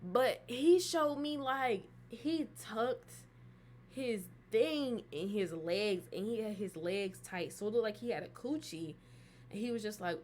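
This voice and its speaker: A woman's voice: mid-range voice, animated, measured pace, a little mellow, a little hiss or hum. A woman casually telling a personal story on her vlog, loose and profane, with plenty of fillers. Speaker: storytime vlogger.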